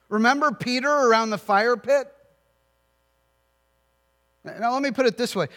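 A man's voice: very high-pitched, a bit bright. A man preaching a sermon as pastor, earnest, with storytelling asides. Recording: long reverb of a large hall.

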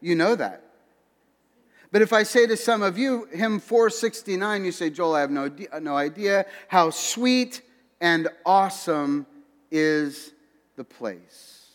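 A man's voice: sits high, fairly bright tone. A man preaching a sermon to his congregation, conversational and direct, with asides to people in the pews. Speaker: pastor. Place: church sanctuary. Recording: long hall reverb.

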